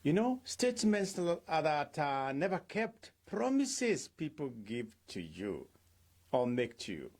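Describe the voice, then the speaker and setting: Middle-aged man, pastor, slow and deliberate delivery, very expressive pitch, questions his listeners and acts out quotes. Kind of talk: devotional talk.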